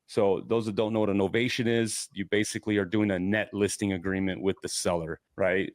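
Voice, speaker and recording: A low-voiced man lays out deal numbers in a plain, simple way and stays polite and friendly when calling sellers. The sound is dry and close, with no room around it. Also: no echo. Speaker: real estate wholesaler making seller calls. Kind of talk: casual explanation and live phone call.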